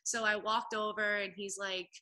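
Woman guest on a podcast, very bright voice, chatty storyteller who does all the voices. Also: medium pitch, moderate pace, poor audio. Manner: lively storyteller who acts out quoted voices. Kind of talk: storytelling in a casual interview.

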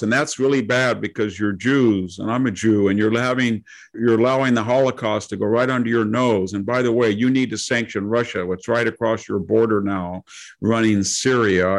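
A man's voice: on the low side, gravelly. An older man giving rambling political commentary on a podcast, often slipping into mock quotes of others.

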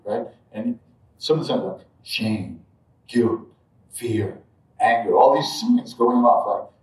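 A man telling a personal spiritual story to an audience in a reflective, halting way, with frequent asides. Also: mid-range voice, a little mellow. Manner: reflective, halting, many asides like "you know" and "right". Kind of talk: live storytelling talk to an audience. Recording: roomy echo, distant mic.

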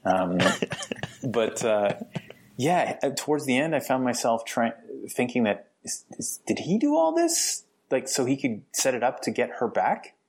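A man's voice: mid-range voice, very animated, unhurried, darkish tone, breathy edge. A man guesting on a podcast as a film director, chatting casually, rambling with restarts and frequent laughter.

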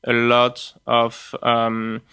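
A man with a French accent, a spirits importer speaking as an interview guest, halting and full of restarts and fillers. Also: mid-range voice, monotone, pushed and bright, smooth, dry recording, studio quality. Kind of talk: conversational interview.

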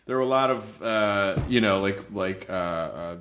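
A man's voice: on the low side, measured pace, a bit bright, a little hiss or hum. Man asking questions in casual chat.

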